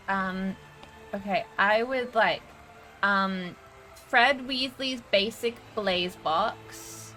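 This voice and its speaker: An Australian woman with a bright, sharp voice speaks in character as a tabletop game player. She talks hesitantly, filling gaps with ums and likes. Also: medium pitch, extremely slow, faint music behind, poor audio. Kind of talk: in-character role-play.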